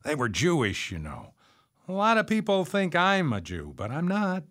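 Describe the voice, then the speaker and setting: A man's voice: fairly high pitch, normal speed, voice pushed up. Man doing an eager, rambling bearded neighbor. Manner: excited rambling talker. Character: chatty bearded middle-aged male neighbor, eager tour guide.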